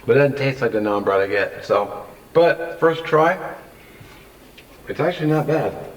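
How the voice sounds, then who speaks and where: A man's voice: medium pitch, lively intonation, a little slow. A man in casual stream chat, talking mildly and hesitantly, a bit self-critical about his cooking. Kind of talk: casual chat while eating. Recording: distant, muffled mic.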